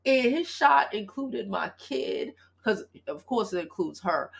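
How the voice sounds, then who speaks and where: A woman in her thirties from Brooklyn hosts a livestream and chats with viewers. Her voice is gravelly and husky, with a rough, breathy edge. She talks in a blunt, profane and animated way. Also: a little high, a little slow. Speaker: livestream host. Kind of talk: casual livestream chat.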